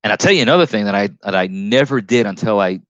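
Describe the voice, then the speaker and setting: A man's voice: fairly low pitch, expressive, fast talker, a bit bright, no room sound, highs cut off. A man with a northern US accent hosting a casual live stream on a headset mic, telling a rambling story full of restarts and self-corrections.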